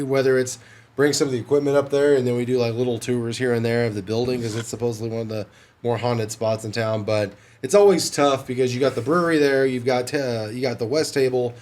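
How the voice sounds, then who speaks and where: A man who is a paranormal investigator, telling lively stories in a casual podcast chat. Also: mid-range voice, a little fast. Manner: animated storyteller, laughs while talking.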